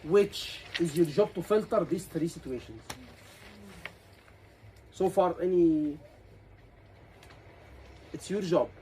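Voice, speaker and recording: A man's voice: a little high, slow pace, pauses often, dark tone, slight background noise, poor audio. A man with an Egyptian accent teaching a class as an exam tutor, asking questions and repeating key words.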